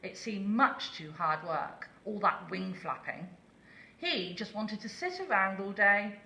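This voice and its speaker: A woman reading a children's story aloud slowly and expressively, asking listeners questions. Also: medium pitch, lively intonation, gravelly, sharp tone, reverberant.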